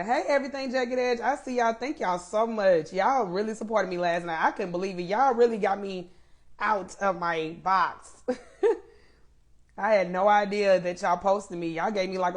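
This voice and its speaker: A woman's voice: medium pitch, moderate pace. A woman hosting a casual live stream, greeting viewers by name and laughing often while she waits for her guest, speaking.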